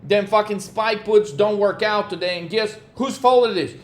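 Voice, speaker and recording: A man's voice: sits high, normal speed, few pauses. A man talking as a trading coach in a vlog, ranting bluntly with constant swearing and exasperation.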